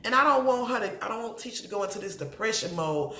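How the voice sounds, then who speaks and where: A woman's voice: mid-range voice, quick pace. A woman, chatting casually to camera as she reviews a reality show and talks straight to its people. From Atlanta. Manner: chatty, animated, addresses people on the show directly. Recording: roomy echo, faint background noise.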